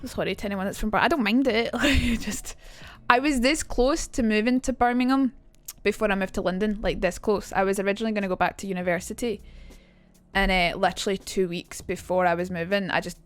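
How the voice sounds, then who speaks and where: A woman's voice: mid-range voice, fairly quick, soft background music. Blunt, chatty young woman streamer. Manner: chatty, blunt, swears freely, answers chat. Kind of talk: casual live-stream chat.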